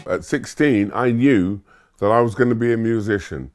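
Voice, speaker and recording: A man from Barbados, a musician, recalling his youth in a relaxed, rambling way with lots of fillers and chuckles. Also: fairly low pitch, moderate pace, loud music behind the voice. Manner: laid-back storytelling with filler words and chuckles. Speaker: musician interviewee. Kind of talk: relaxed reminiscing monologue.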